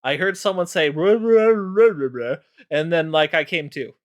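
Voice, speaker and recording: A man's voice: on the high side, steady tone, fairly quick, a bit bright, lightly acted. A man voicing a huge male dragon who has just been knocked senseless, speaking in a bewildered, raised voice. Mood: dazed. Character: dazed colossal male dragon, groggy and confused.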